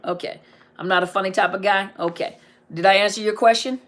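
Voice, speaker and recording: A woman's voice: mid-range voice, steady tone, brisk, a bit bright. A middle-aged woman counselor on a casual live stream, reading viewer comments aloud and answering them, often repeating key phrases for emphasis.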